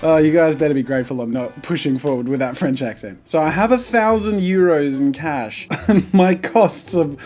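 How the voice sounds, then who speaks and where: Excitable man hosting gameplay. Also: on the high side, moderate pace, soft background music. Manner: playful, excitable, jokey. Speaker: gaming video host. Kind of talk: energetic gameplay commentary.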